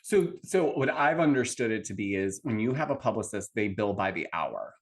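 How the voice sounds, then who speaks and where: A man's voice: on the low side, normal speed. Chatty man hosting a podcast. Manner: rambling, animated, many fillers. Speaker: podcast host. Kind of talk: casual chat.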